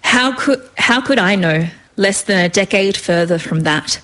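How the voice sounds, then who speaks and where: A woman's voice: mid-range voice, expressive, measured pace, very noisy. A woman reading her own story aloud in a vivid, rhythmic way. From Australia.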